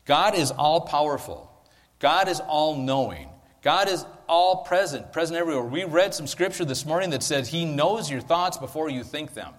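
A man's voice: on the high side, animated, normal speed, big-room sound. A man giving a chatty, conversational sermon as pastor, often checking in with his listeners. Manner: chatty, asks listeners "right?". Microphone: handheld or stand mic.

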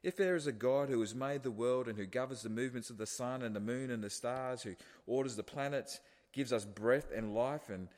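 A man's voice: mid-range voice, brisk, hardly any pauses, a little mellow. A man preaching a sermon to a congregation in a conversational way, with rhetorical questions and restarts. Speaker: pastor. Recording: long hall reverb.

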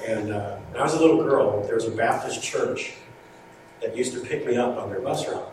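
A man's voice: mid-range voice, brisk. A man preaching a sermon, earnestly pleading and acting out conversations in a story. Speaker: pastor. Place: church hall. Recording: echoey hall, distant mic, noisy ambience.

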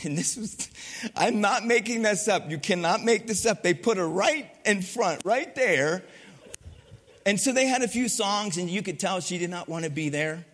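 A man preaching, telling a lively story and acting out the voices, then going quiet to drive the point home. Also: on the high side, long reverb tail. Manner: animated, acts out voices, drops to quiet for the point. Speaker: pastor. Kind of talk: sermon storytelling.

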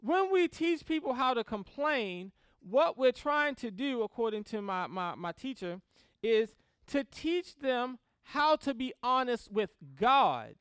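A woman teaching a Christian class on grief in a lively, conversational way, often laughing and checking in with the class. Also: fairly high pitch, measured pace, clear, resonant tone, dry recording, clean studio sound. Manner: animated, laughs often, acts out prayers in quotes; checks in with "right?" and "okay?".

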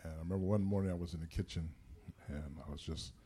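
Deep husky man giving a church testimony. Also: fast, mellow. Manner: earnest storytelling, exhorting. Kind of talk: testimony during church service.

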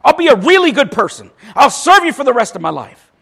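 A man voicing a desperate man clinging to a branch on a cliff, panicked and shouting for help. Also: very high voice, sing-song, normal speed, pitched above the performer's own voice, full character voice. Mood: pleading.

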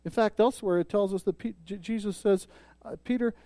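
A man preaching a sermon as pastor, emphatic, swelling loud on key points and dropping soft. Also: sits high, fairly even intonation, a little fast, no echo.

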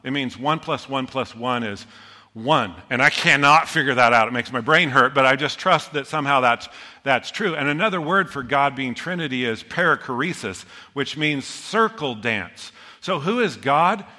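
A middle-aged man preaching a sermon, telling stories in a lively, joking way. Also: mid-range voice, moderate pace. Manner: storytelling, animated, self-deprecating humor. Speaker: pastor. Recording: long hall reverb.

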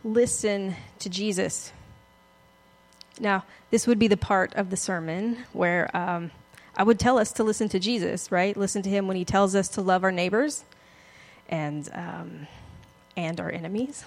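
A woman's voice: mid-range voice, a little slow. A woman pastor giving a conversational, self-deprecating sermon, often laughing as she talks.

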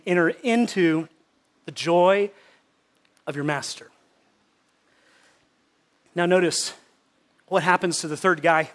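A man preaching a sermon as pastor, emphatic and repeating words for stress. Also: fairly high pitch.

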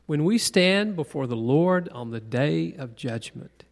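In a Bible class recorded with long hall reverb, a man teaches in a conversational sermon style, questioning the group and repeating key points for stress. His voice is a little high, expressive and creaky, at a measured pace.

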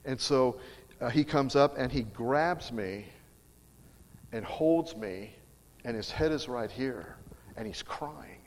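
A middle-aged man preaches a storytelling sermon, sharing a personal story in an emphatic, earnest way. His voice is medium-pitched and slow, with frequent pauses, and the large hall gives it a long reverb.

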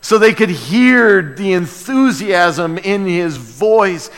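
A man preaching in a church, joking with his congregation and stumbling over repeated words. His voice sits slightly high and he talks slowly and deliberately. A long hall reverb trails behind him. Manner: lively, conversational preaching with humor; repeats words and restarts often. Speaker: pastor. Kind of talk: sermon. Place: church sanctuary.

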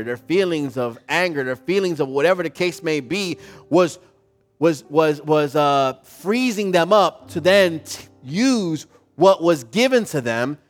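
A man with a somewhat high voice preaches a sermon as a pastor during a church service, telling a story and building to loud exhortation.

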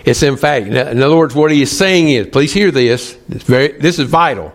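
A male pastor, preaching emphatically, slowing and pausing for stress. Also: mid-range voice, animated. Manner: emphatic, pleading with pauses. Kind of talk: sermon.

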